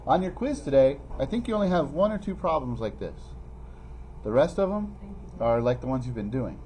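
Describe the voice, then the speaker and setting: Lively man teaching math to a class. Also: fairly quick. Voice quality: animated, pitch jumping high when teasing students. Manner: addresses students by name, playful teasing. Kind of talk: classroom review lesson. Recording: faint classroom noise.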